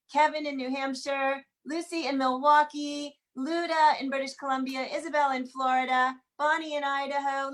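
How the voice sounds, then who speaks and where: A woman hosting an online group singalong over a video call, greeting people quickly and giving announcements in an upbeat, casual way. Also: high-pitched, a bit bright.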